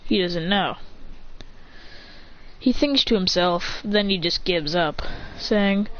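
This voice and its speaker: A woman's voice: fairly low pitch, slow, fairly bright tone, lo-fi sound, slight background noise. A woman casually narrating a homemade story, stringing actions together in long run-on sentences.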